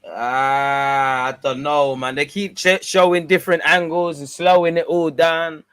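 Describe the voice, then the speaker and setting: Young guy, live football watch-along host, slangy banter, a bit high-voiced. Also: a little slow, clean tone. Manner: casual slangy banter, swings between excited and mumbled.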